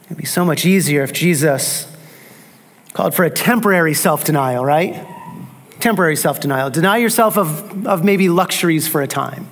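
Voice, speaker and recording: A man's voice: fairly high pitch, expressive, moderate pace, fairly bright tone. A man preaching a sermon, emphatic, repeating key phrases and asking rhetorical questions. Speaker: pastor.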